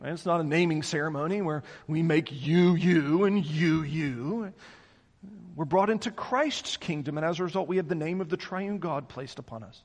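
High-voiced pastor preaching a sermon. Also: male voice, moderate pace, darkish tone, in a large hall. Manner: preaching, explaining scripture in earnest. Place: church sanctuary.

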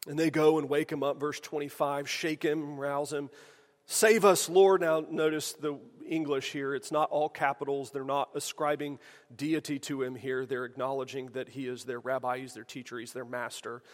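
A man's voice: mid-range voice, level tone, moderate pace. A man preaching a sermon in a conversational way, asking the room rhetorical questions. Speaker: pastor. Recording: long hall reverb.

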